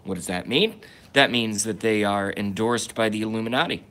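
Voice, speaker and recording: A man's voice: lowish voice, moderate pace, pushed and bright. A young adult man hosting a solo livestream rant. He rambles in stop-start bursts full of restarts and asides, and reads viewer comments aloud and answers them. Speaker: livestream host.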